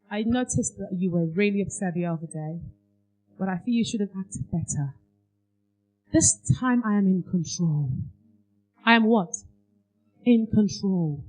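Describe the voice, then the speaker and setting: In a conference hall, a woman gives a parenting workshop talk in a slightly high, slightly mellow voice. She quizzes the audience with questions they finish aloud.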